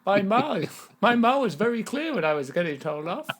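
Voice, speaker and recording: A man's voice: high voice, very animated, normal speed, noisy background, voice pushed up. A nervous little hobbit fibber, as a man puts him on in a tabletop game. He rambles sheepishly in a voice raised somewhat above the speaker's own. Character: nervous fibbing young male hobbit.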